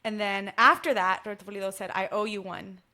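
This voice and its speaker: A woman, chatting casually as a musician guest and telling a story with lively acted-out dialogue. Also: mid-range voice, fast talker. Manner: animated storytelling, acts out quoted dialogue. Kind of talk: casual chat.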